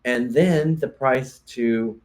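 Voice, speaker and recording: A man's voice: medium pitch, takes it slowly. A man, a realtor, co-hosting a casual podcast chat, explaining earnestly and often restarting his sentences.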